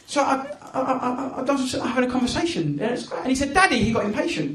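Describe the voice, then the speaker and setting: A man's voice: very high voice, animated, fast, few pauses. A man doing a stand-up comedy set in a club, chatty and self-deprecating, talking to the crowd. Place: comedy club stage with a laughing audience. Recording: live club recording with crowd noise.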